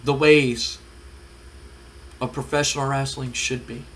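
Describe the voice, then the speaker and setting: A man's voice: medium pitch, steady tone, unhurried, fairly bright tone, a little hiss or hum. A man hosting a casual let's-play commentary on a wrestling sim game, hesitant with many fillers. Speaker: gaming channel host.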